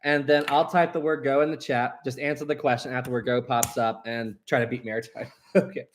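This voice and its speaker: A young man hosting a live stream, chatty and animated as he runs a quiz for his chat. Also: medium pitch, brisk, a little hiss or hum. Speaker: livestream host.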